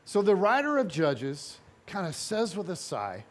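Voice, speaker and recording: Male pastor, higher-pitched voice, animated storyteller preaching to a congregation. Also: normal speed. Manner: animated storytelling, voicing biblical figures in dialogue. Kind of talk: sermon.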